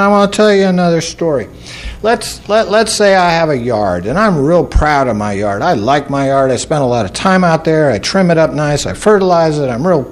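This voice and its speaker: A man telling folksy, humorous stories to an audience, mocking himself with a dry wit. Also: a little high. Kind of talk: storytelling talk to an audience.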